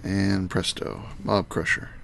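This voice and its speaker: Man, live-streaming gamer, very low pitch, thinking aloud, chatting to viewers. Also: level tone, slow, gravelly, fairly bright tone, slight background noise. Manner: muttering to himself as he works, chatting to viewers. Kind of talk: thinking aloud while playing a game live.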